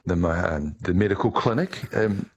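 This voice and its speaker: A middle-aged man answering interview questions, telling his story in a relaxed way with some restarts. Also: low-pitched, normal speed, husky, highs cut off. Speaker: guest, ice diver.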